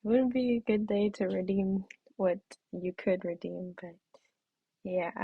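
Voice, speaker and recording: A young woman chats casually on her live stream, giggling, occasionally whispering asides, her throat feeling off. Her voice is medium-pitched, steady, unhurried and husky, with no room sound, though the stream audio is dull and muffled.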